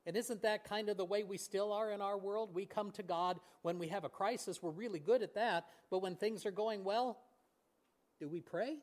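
A man delivers a sermon in a fairly high voice. He talks earnestly and stumbles over a few fillers. He often slows down and sinks to a near whisper on key words. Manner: earnest, with fillers and restarts, voice swings between hushed and raised. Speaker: pastor.

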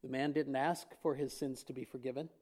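A man's voice: medium pitch, steady tone, a little fast, a little mellow. A man preaching a sermon, retelling a story and acting out the lines of the people in it. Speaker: pastor.

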